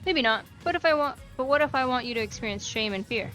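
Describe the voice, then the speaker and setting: A woman's voice: high-pitched, lively intonation, quick pace, fairly bright tone. A woman reading as a sneering stalker. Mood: taunting. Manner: sneering, teasing. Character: taunting creepy stalker who mocks the player. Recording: faint music behind.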